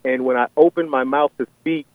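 Over a tinny, dry phone line, a radio show caller describes a vision in a steady, mid-range voice at a fairly quick pace. He hesitates a lot, restarting and filling gaps, and there's no echo.

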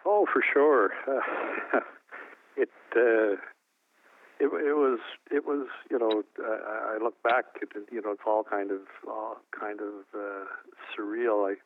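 An older man from New Brunswick, Canada, recalling a personal story in an interview, halting with many restarts. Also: lowish voice, fairly even intonation, no echo, narrow, tinny audio. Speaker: interview guest. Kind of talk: emotional personal recollection.

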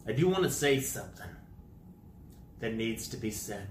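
A man drawls through a rambling comic monologue, his bright voice leaping up and down in pitch. He slips into silly made-up words and bursts of loud exasperation. The sound comes from an echoey room. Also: lively intonation, normal speed, a little hiss or hum. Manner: rambling, goofy wordplay, swings to loud exasperation.

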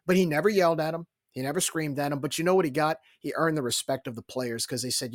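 A man co-hosting a casual postgame podcast, telling a story in an animated way. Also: a little high, fast talker, no echo, studio quality.

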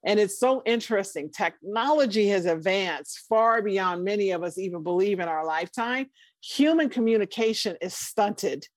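A woman's voice: mid-range voice, animated, moderate pace, no echo. A woman co-hosting a casual chat, making her points firmly and asking pointed questions. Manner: emphatic, coaching tone, asks pointed questions.

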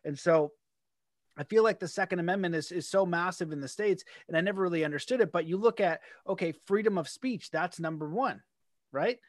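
In a casual podcast conversation, this fairly high-voiced Canadian man talks in a loose, wandering way, staying lively and laughing easily. The audio is dry and close-miked, without any room echo.

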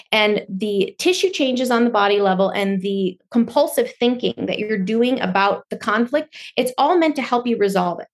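Animated woman explaining on a podcast. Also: on the high side. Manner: animated, acts out quoted inner voices. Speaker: podcast guest. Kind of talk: explanatory interview talk.

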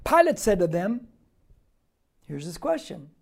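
A male pastor teaching a Bible passage verse by verse, emphatic, posing rhetorical questions and swinging between quiet asides and loud, stressed points. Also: high-pitched, very animated, measured pace, creaky.

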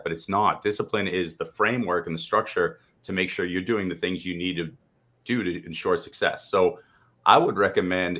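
Deep-ish voiced guy hyping self-love, swears a lot, gets worked up telling stories. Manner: animated storytelling, swears freely. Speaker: motivational speaker, co-host. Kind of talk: casual livestream chat.

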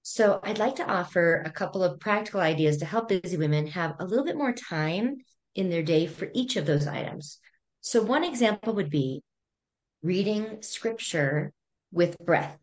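A middle-aged woman speaking as a therapist guest on a podcast, calm and gently instructive as she walks through breathing exercises. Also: lowish voice, moderate pace. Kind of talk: conversational podcast interview.

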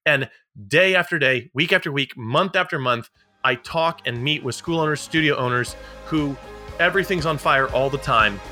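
A man's voice: on the high side, moderate pace, sharp tone, faint music behind. A man co-hosting a podcast, talking in an emphatic, motivational way and repeating his key points, with a slightly sarcastic edge. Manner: a little sarcastic. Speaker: podcast co-host. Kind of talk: casual podcast chat.

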